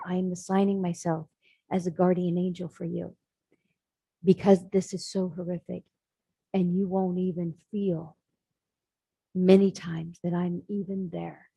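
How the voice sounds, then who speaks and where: Mellow husky woman telling a story. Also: on the low side, no echo, rough recording. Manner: dramatic storyteller voicing characters. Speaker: spiritual speaker. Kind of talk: storytelling sermon.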